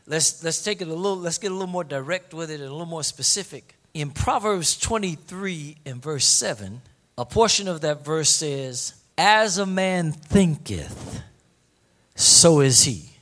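A man preaching a sermon to his congregation, emphatic, repeating key phrases and slowing down to stress them. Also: a little high, a bit bright. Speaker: pastor. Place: church service before a congregation.

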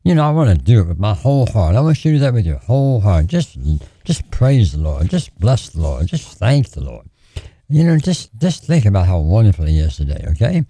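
A man preaching and praying on the radio in a lively, pleading, repetitive cadence. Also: fairly low pitch, brisk, breathy edge, dry recording. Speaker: radio preacher taking prayer calls.

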